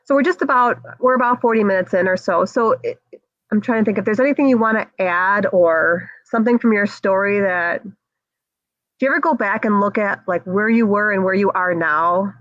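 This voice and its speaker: A woman podcast host in casual interview chat, supportive and quick, with many fillers. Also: medium pitch, fairly bright tone, no echo. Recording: dull dry sound.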